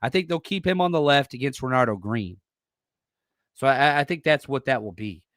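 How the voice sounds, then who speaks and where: A man hosting a podcast in a blunt, salty, casual style, reading chat and getting loud and fired up at times. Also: mid-range voice, brisk, no echo, studio quality. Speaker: podcast host and former coach. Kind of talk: casual solo football preview reading live chat.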